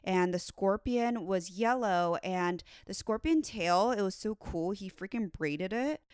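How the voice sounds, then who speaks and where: A woman who works as a dog groomer, chatting casually as a podcast co-host, animated and full of fillers. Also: mid-range voice, a little slow. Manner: chatty, animated, says like a lot. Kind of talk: casual chat.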